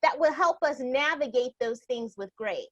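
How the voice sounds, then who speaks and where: A woman's voice: high voice, animated, moderate pace, muffled recording. A woman hosting an interview, asking questions in an enthusiastic, affirming way with many short agreements. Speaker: podcast host. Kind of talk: interview conversation.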